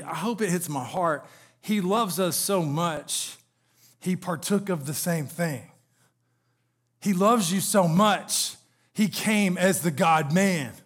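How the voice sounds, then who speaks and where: A male pastor preaching an expository sermon, asking the congregation question after question and building to emphatic peaks. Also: sits high.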